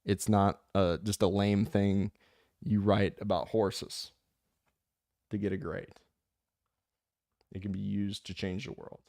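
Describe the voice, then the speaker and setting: A lowish, darkish male voice with a level tone, speaking slowly and pausing often, recorded at studio quality with no room sound. An American audiobook narrator hosts his own channel, chatting casually about a book and reading viewer comments aloud. He rambles, jokes and gets fired up, coming across as impassioned.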